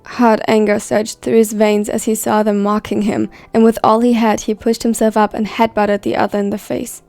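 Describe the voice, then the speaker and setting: A woman reading a story aloud in a steady, even scripted narration. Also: mid-range voice, moderate pace, creaky, no echo, soft background music. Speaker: fan fiction reader.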